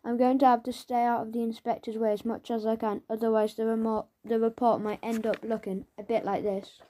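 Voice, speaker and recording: Mellow woman narrating a children's book. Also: on the high side, fairly quick, hardly any pauses. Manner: lively first-person storytelling as a schoolboy. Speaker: audiobook narrator.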